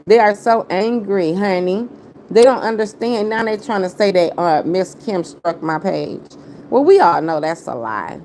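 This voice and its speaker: A woman's voice: medium pitch, a little mellow, slight background noise. A woman hosting her own livestream, greeting viewers by name and then ranting in a heated, confrontational, slang-heavy way. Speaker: livestream host. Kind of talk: casual livestream rant.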